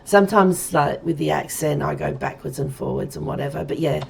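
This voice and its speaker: A woman's voice: low voice, a little fast, gravelly, darkish tone, a little hiss or hum. An Australian woman in her forties chatting casually to viewers while she streams a game, rambling as she plays. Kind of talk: casual let's-play chat.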